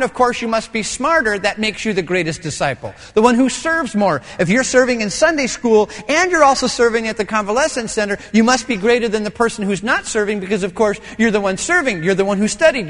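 A middle-aged male pastor preaching a sermon with animated storytelling, acting out voices and quotes. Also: very high voice, in a large hall.

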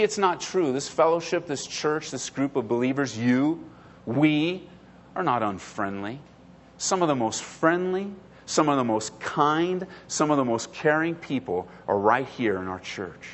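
High-voiced lively man preaching. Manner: emphatic, repetitive, stumbling restarts. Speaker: pastor. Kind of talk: sermon.

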